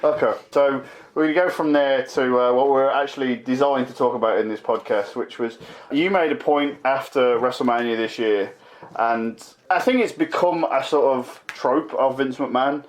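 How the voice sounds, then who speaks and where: A man's voice: medium pitch, normal speed, poor audio. A man hosting a casual wrestling podcast, wry and steering the talk. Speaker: podcast host. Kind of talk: casual chat.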